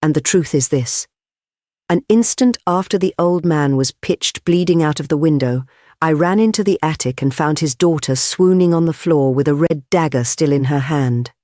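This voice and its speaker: Measured male audiobook narrator, dry sound. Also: on the high side, darkish tone, dry recording. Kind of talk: scripted narration.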